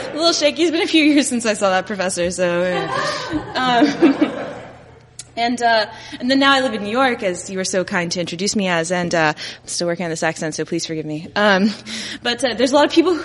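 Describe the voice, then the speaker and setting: A woman's voice: mid-range voice, expressive, brisk. A woman from Dallas telling a comic story on stage, chatty and laughing at herself. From Dallas, USA. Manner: chatty, laughing, self-mocking. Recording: noisy live venue with long reverb.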